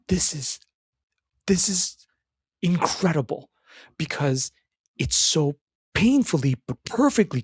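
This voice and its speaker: A man's voice: a little high, husky, no echo, clean studio sound. A man giving a casual, earnest commentary on a film scene, emphatic and full of restarts.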